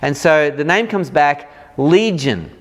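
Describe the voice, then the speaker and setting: A man's voice: on the high side, takes it slowly. Man teaching the Bible conversationally. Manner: animated, acts out reactions in lively quoted voices; informal, with fillers and restarts.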